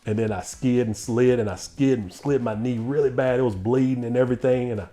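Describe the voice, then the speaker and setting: A man hosting an interview, telling a personal story in a lively, laughing way. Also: mid-range voice, brisk. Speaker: interview host. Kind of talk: casual storytelling chat.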